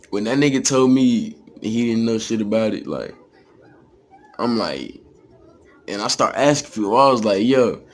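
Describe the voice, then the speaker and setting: A man's voice: lowish voice, a little hiss or hum. A young man from Texas with a Texas accent, telling a story in a casual, slangy, profane way.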